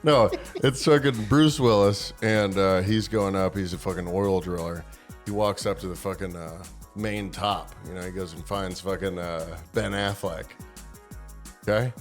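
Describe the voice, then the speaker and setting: Brief: low-pitched male podcast host, profane, rambling storyteller, faint music under. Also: unhurried. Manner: profane, storytelling, animated retelling. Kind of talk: casual comedic chat.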